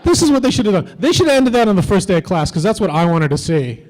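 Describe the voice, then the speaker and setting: A man from the Philippines performing a stand-up comedy set at a convention, offhand and deadpan with lots of fillers. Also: high voice, fast. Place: convention stage before a crowd.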